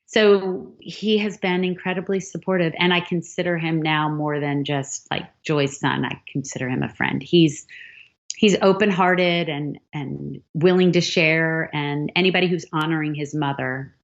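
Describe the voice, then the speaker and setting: A woman's voice: deep voice, measured pace. A middle-aged woman novelist, telling stories animatedly in an interview and acting out the dialogue. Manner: animated storyteller, acts out quoted dialogue. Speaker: novelist guest. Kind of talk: storytelling interview answer. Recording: dull lo-fi sound.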